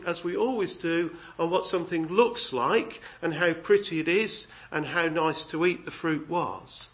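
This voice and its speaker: A man's voice: high voice, a bit bright. A man preaching a sermon with earnest emphasis, reading scripture aloud and addressing young people. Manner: earnest, emphatic, reads scripture aloud in King James wording.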